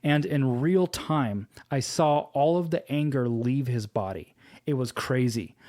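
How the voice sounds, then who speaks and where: A man giving a devotional teaching, telling a personal story slowly and earnestly and quoting scripture. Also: mid-range voice, mellow. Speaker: preacher.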